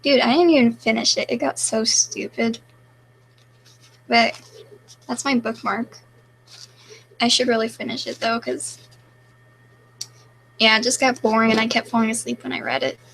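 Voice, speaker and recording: A woman's voice: on the high side, moderate pace, gravelly, pauses often, fairly bright tone, a little hiss or hum, poor audio. A young woman casually chatting on a live stream, reading viewer questions aloud and answering them offhandedly.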